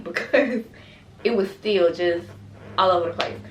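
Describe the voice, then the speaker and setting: A woman with a fairly low voice tells her story in a loose, chatty vlog style and keeps turning to her viewers. The sound is roomy and echoey. She is picked up from some distance from the mic. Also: normal speed, slight background noise. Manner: chatty, talks straight to viewers with frequent asides. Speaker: mother sharing her birth story.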